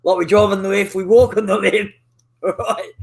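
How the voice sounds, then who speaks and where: A man's voice: high-pitched, steady tone, normal speed, creaky, rough recording. A man with an Australian accent hosting a crude, rambling casual chat, swearing constantly. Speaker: host.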